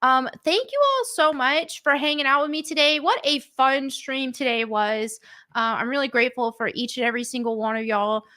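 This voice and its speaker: A woman's voice: high-pitched, moderate pace, bright, forceful tone. A woman hosting a live stream, chatting casually and laughing often.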